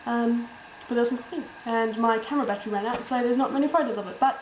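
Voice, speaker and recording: A woman's voice: fairly high pitch, quick pace, roomy sound, dull audio, a little hiss or hum. A young woman telling a travel story in a casual, rambling way, full of ums and little laughs. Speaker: travel vlogger.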